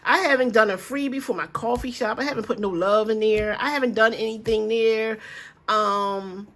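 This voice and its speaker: Woman, older, grandmother, budgeting vlogger, easygoing chatty rambler, slightly high voice. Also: steady tone, normal speed, a bit bright. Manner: chatty, rambling, addresses viewers as y'all. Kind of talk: casual chat to viewers.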